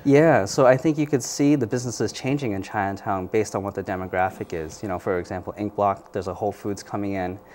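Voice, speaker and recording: A man, a community organizer guest in a news interview, answering in a measured, thoughtful way with frequent fillers. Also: lowish voice, steady tone, a little mellow, slight background noise.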